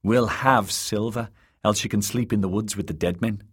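A man's voice: on the low side, moderate pace, fairly bright tone, husky, pitched above the performer's own voice. A man voicing a wary, blunt ten-year-old girl who runs an inn, read as an audiobook character. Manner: blunt, suspicious.

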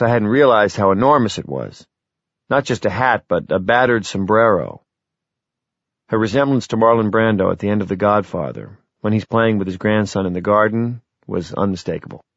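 Low-voiced man narrating an audiobook. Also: vocal fry, no echo. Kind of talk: scripted narration. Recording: slightly dull, lo-fi recording.

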